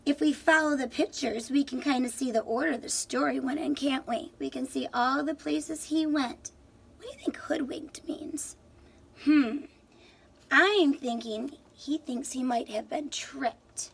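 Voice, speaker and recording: A woman's voice: high-pitched, normal speed, gravelly, few pauses, a bit bright. A woman teacher reading a picture book aloud to children, stopping to explain words and ask questions.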